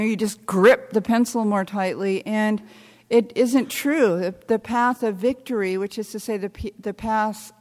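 An older American woman telling stories with wry humor, talking haltingly with many restarts. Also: mid-range voice, darkish tone, in a large hall. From United States. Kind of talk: reflective storytelling talk.

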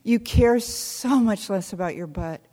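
An older American woman telling stories with wry humor, talking haltingly with many restarts. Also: mid-range voice, warm tone, long reverb tail. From United States. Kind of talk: reflective storytelling talk.

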